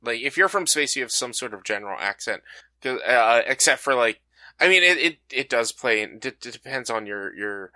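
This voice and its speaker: A man's voice: medium pitch, expressive, brisk, bright, forceful tone, dry recording. A young man co-hosting a podcast in casual chat, blunt and swearing freely. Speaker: podcast co-host.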